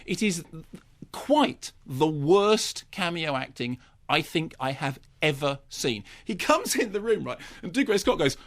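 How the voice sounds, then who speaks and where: A man's voice: fairly high pitch, big pitch swings, measured pace, fairly bright tone. A man giving a ranting, mock-indignant film review in casual radio studio chat. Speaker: film critic.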